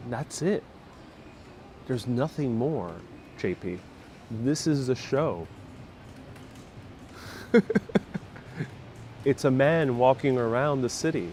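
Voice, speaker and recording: Strolling busy city streets outdoors, a man with a warm, mid-range voice runs a casual live stream, reading viewer comments, chatting upbeat and laughing often. A wireless clip-on mic and gimbal-mounted phone catch him, with faint traffic behind.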